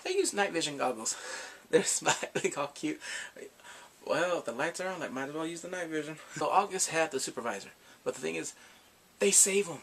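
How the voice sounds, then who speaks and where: Animated man excitedly recapping a drama. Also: on the high side, moderate pace, gravelly, slightly rough. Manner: excitable, rambling storytelling with gasps and laughs. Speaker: drama reviewer. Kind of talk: casual episode recap.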